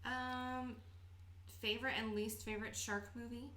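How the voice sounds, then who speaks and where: A woman's voice: a little high, level tone, measured pace, sharp tone. A young woman co-hosting a casual livestream and reading out viewer questions in a dry, teasing way.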